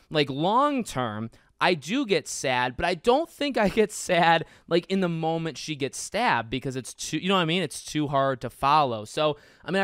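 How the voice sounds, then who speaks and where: A man's voice: a little high, smooth, no room sound, clean studio sound. A young man hosting a podcast, talking casually and with emphasis about a video game, often restarting his sentences. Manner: animated, emphatic, many restarts. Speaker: podcast host.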